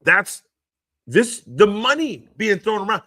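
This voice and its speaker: A hoarse man hosting a casual live stream about football news, excitable and laughing often as he reads the chat aloud. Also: high voice, slow, no echo, clean studio sound. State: hoarse from screaming.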